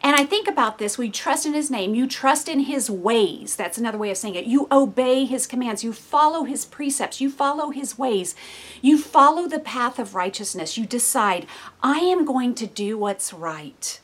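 An earnest woman teaches from scripture in a chatty, conversational way. Her voice sits a little higher than most women's, and it lifts and quickens when she gets animated. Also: breathy edge. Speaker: Bible teacher. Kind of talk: devotional Bible teaching.

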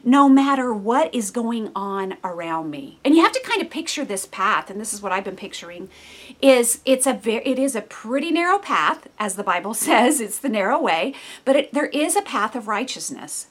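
A woman's voice: a little high, sing-song, moderate pace, breathy edge. A woman giving a devotional Bible teaching in an earnest, conversational way.

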